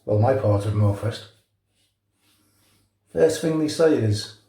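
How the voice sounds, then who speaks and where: A middle-aged man with a Liverpool accent talks in a chatty, jokey way, telling stories between chuckles. His voice is mellow and dark in tone. It echoes off the hard walls of what sounds like a bathroom. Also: mid-range voice, takes it slowly. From North West England. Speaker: shaving channel host. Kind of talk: casual chat while shaving. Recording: echoey room.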